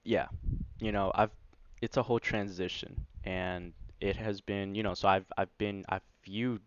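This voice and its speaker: Low-voiced man rambling through a story. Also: unhurried. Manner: rambling, full of "like" and "you know" fillers; excited, animated retelling. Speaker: vlogger. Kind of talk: casual first-person storytelling. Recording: dry, slightly dull lo-fi recording.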